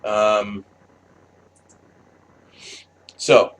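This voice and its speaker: A man's voice: fairly low pitch, flat delivery, extremely slow, a bit bright. A man delivering an unscripted, blunt monologue with lots of swearing and restarts. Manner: blunt, profane, rambling with restarts. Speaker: commentator.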